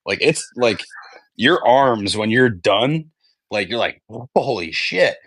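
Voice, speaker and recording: A man's voice: fairly low pitch, expressive, slow pace, fairly bright tone, no room sound. A man hosting a sports podcast in casual chat, rambling and swearing freely. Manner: rambling, profane, self-correcting. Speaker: podcast host.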